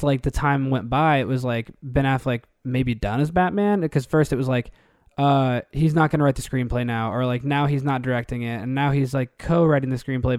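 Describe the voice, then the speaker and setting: A man's voice: medium pitch, smooth, no room sound. Male podcast co-host, casual and rambling, close dry mic. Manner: animated, rambling, laughs often. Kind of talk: casual chat.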